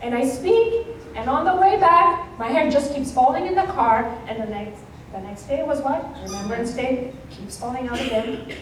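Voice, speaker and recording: A woman from Kenya giving a keynote talk, telling a personal story in an animated way and acting out the dialogue. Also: sits high, normal speed, slight background noise. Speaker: keynote speaker. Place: conference hall stage. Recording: echoey hall, mic at a distance.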